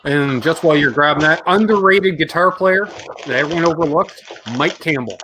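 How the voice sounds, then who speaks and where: A Canadian man hosting a casual live-stream chat, animated and jokey with quick asides. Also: fairly high pitch, noisy background. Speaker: host.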